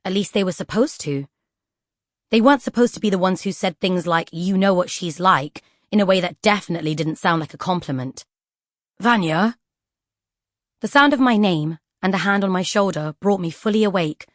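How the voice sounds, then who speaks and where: A woman narrating a children's fantasy audiobook in an expressive storytelling style. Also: on the low side, a little fast, no echo, studio quality. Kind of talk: scripted children's book narration.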